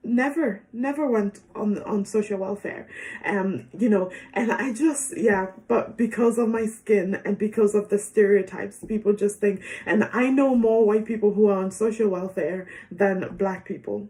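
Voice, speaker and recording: A young woman telling a personal story in a casual, chatty way, with many fillers and soft laughs. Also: mid-range voice, measured pace.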